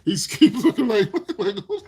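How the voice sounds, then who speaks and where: Man, husky voice, lively pitch, chuckles a lot, casual storytelling. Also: normal speed. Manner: chuckles often while telling stories; acts out other people's lines in his stories. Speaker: live stream host.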